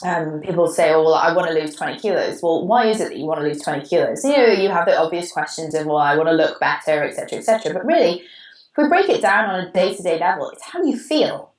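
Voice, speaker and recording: A woman's voice: deep voice, animated, fast, echoey room, low-quality recording. A Welsh woman co-hosting a podcast, chatting casually and reading out a listener's question, with a digressive manner. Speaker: podcast co-host.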